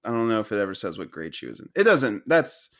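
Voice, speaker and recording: A man's voice: on the low side, big pitch swings, fast, fairly bright tone. A man co-hosting a podcast in casual chat about a film, laughing often and correcting plot details. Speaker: podcast co-host.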